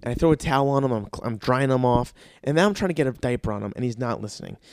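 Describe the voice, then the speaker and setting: A man's voice: mid-range voice, lively intonation, racing, dry recording, clean studio sound. A man hosting a podcast, telling rambling, profane stories in a casual monologue. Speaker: podcast host.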